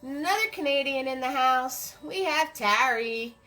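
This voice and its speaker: A woman's voice: high voice, expressive, a little slow, bright, forceful tone, poor audio. A woman hosting a live-streamed painting class, upbeat and greeting viewers by name as they join.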